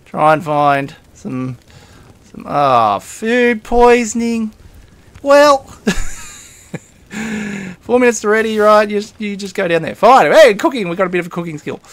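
A man's voice: sits high, very animated, measured pace, long pauses. A man giving casual, rambling let's-play commentary as a gaming host. He talks to himself as he plays and chuckles often.

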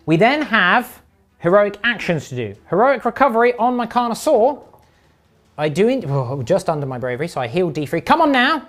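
A woman's voice: mid-range voice, moderate pace. A woman playing a tabletop wargame and talking through each move with playful jokes. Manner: jokey, animated, explains each move. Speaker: tabletop game player and presenter. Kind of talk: playful battle report commentary.

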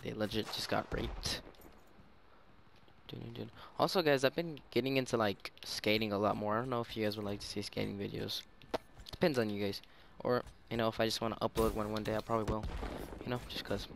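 A young man giving casual, rambling gameplay commentary as a gaming YouTuber, self-mocking and full of fillers. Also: fairly low pitch. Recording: game audio noise behind voice. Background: gunfire from the game.

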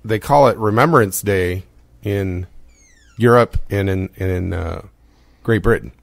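A man's voice: deep voice, measured pace, creaky, no room sound. A middle-aged American man hosting a podcast, chatting casually, laughing often and rambling. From United States. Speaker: podcast host.

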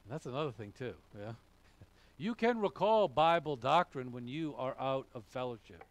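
A man's voice: medium pitch, expressive, normal speed. A male pastor preaching a sermon, repeating key phrases and chuckling as he goes.

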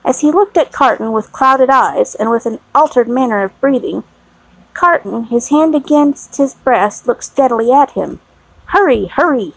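A woman narrating a classic novel in a measured, even reading style with a slightly gravelly voice. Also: fairly high pitch, no echo, rough recording. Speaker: audiobook narrator.

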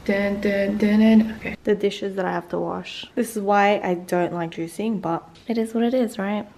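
A woman's voice: medium pitch, fairly even intonation, moderate pace, a little mellow, slight background noise. A young woman vlogging at home in her kitchen, talking candidly and giggling between thoughts. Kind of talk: casual vlog chat. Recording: echoey room.

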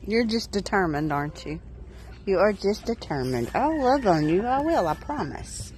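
A woman's voice: medium pitch, big pitch swings, normal speed, darkish tone. A woman filming her farm animals outdoors on a phone, talking to them in affectionate baby talk and chatting to viewers. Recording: faint outdoor background noise. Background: chickens clucking and roosters.

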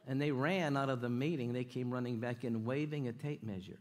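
Animated preacher man telling stories. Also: mid-range voice, fairly quick. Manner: animated, jokey, repeats himself, audience call-outs. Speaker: guest preacher. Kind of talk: sermon with stories and jokes. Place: church sanctuary.

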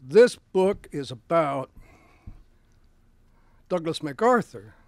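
A man's voice: fairly high pitch, animated, takes it slowly, darkish tone, no echo. A male author giving a book talk, telling history as anecdotes. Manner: anecdotal storytelling with acted quotes. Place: bookstore event.

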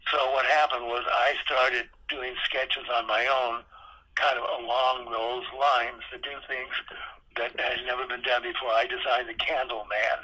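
A man's voice: mid-range voice, flat delivery, measured pace, pushed and bright, husky, low-quality recording. A man in his eighties, a guest on a podcast interview, candidly telling salty stories and acting out old conversations. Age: 80s. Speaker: podcast guest, retired theme park designer. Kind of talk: anecdotal storytelling in an interview.

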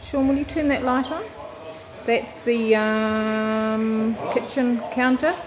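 A woman's voice: fairly high pitch, takes it slowly. A woman casually narrating a tour of her family home, filmed on a handheld camcorder. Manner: chatty, relaxed, laughs softly between remarks. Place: inside a family house. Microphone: handheld camcorder mic. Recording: noisy home camcorder audio.

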